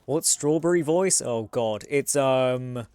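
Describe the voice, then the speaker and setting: A man's voice: medium pitch, slow pace, a little mellow, no echo. Man from the US, game streamer, chatty and rambling, swears a lot, dry close sound. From United States. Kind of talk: casual gameplay commentary.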